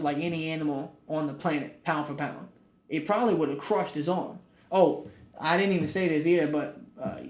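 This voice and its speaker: A man co-hosting a casual podcast, telling stories and rising loud for punchlines. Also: high-pitched. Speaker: podcast co-host. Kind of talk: casual chat. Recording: echoey room.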